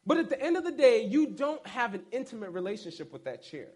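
Male preacher, high voice, casual animated sermon with humorous asides. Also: fairly quick, few pauses, slightly rough. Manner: animated, joking asides, storytelling.

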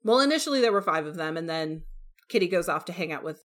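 Brief: woman podcast co-host, casual book chat, lively, plays out characters' lines. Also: lowish voice, fast. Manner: animated, acts out characters' lines.

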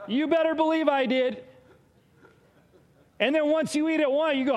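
High-voiced pastor preaching in a reverberant hall. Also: male voice, normal speed. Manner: conversational, animated, acts out quotes. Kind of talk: sermon. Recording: long reverb of a large hall.

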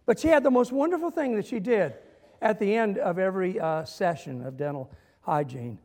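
A man's voice: high voice, lively intonation, moderate pace, a little mellow, big-room sound. A male minister preaching a sermon, telling humorous stories and building to emphatic points. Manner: storytelling with humor and dramatic emphasis.

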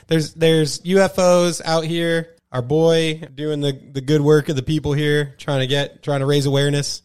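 Excitable young man saying dude. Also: normal speed, clear, resonant tone. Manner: excitable, says dude a lot, big pitch jumps when joking. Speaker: podcast co-host. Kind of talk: casual banter.

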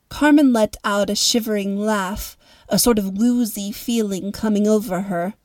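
A woman narrating a story in a calm, even way as the host of a story podcast. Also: medium pitch, unhurried, dry recording.

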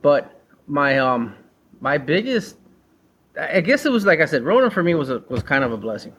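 A man's voice: fairly high pitch, sing-song, moderate pace, fairly bright tone, slight background noise. A man who runs a mobile mechanic business, talking bluntly in a casual chat and acting out conversations with customers. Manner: blunt, slangy, acts out conversations. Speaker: mobile mechanic and former shop owner.

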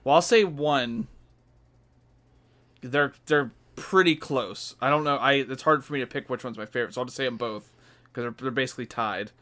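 A man's voice: medium pitch, normal speed, a bit bright. A man co-hosting a podcast in casual chat, laughing often and swearing as he retells scenes. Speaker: podcast co-host.

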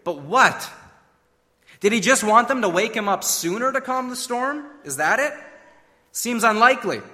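A man's voice: very high voice, expressive, normal speed, bright, forceful tone, long reverb tail. A man preaching a sermon, emphatic and full of rhetorical questions. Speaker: pastor.

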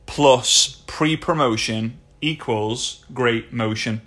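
A man's voice: medium pitch, slow pace, fairly bright tone. A man co-hosting a casual podcast, chatty and laughing, with many fillers and restarts, speaking close to a phone mic. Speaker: podcast co-host. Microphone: phone held close.

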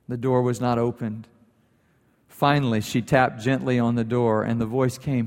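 Male pastor, sermon with storytelling, mid-pitched voice, long church reverb. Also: steady tone, normal speed. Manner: storytelling, voice rising in emphasis then softening to prayer. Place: church sanctuary.

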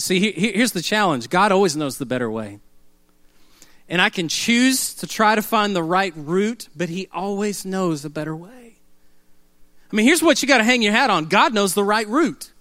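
A man's voice: high-pitched, sing-song, moderate pace, pushed and bright, dry recording. A middle-aged man preaching a sermon, telling stories with humor and leading the congregation in call-and-response. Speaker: pastor.

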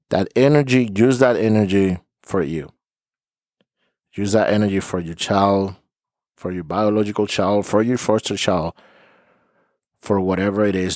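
A man's voice: low voice, a little mellow, no room sound, clean studio sound. A man hosting a podcast as a therapist, speaking earnestly and emotionally and often repeating words as he searches for them. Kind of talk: heartfelt podcast monologue.

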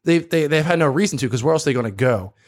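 A man's voice: on the high side, lively intonation, very fast. A man with a South Jersey accent, co-hosting a casual podcast and explaining at length with frequent ums. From South Jersey, USA. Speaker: podcast co-host.

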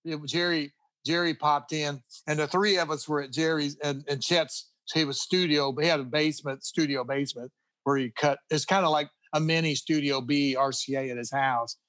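A man's voice: a little high, steady tone, moderate pace, a bit bright, no room sound. A middle-aged man telling rambling anecdotes in a casual interview, full of restarts and chuckles. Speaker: guest guitarist.

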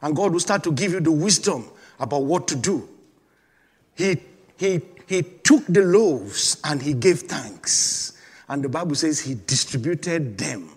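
A man's voice: fairly high pitch, lively intonation, unhurried, husky, long reverb tail. A man preaching a sermon with emphatic repetition, calling on the congregation to respond. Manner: emphatic preaching with repeated calls and congregation prompts. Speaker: pastor.

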